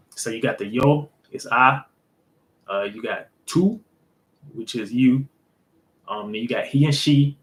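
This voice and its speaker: A man hosting a casual language lesson, explaining in a loose, rambling way full of fillers and an occasional "boom" to wrap up a point. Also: low-quality recording. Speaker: host.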